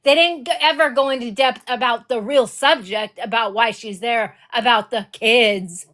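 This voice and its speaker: A woman's voice: on the high side, moderate pace, pushed and bright. A woman hosting a reaction video, ranting furiously in heated commentary, swearing and repeating her accusations. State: enraged.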